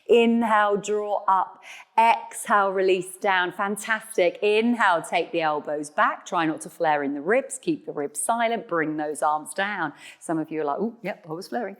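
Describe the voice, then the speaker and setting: A woman's voice: fairly low pitch, a bit bright. Upbeat woman leading a workout class. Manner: encouraging, counts reps aloud, explains anatomy; playful asides to viewers. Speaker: Pilates instructor. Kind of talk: guided online exercise class.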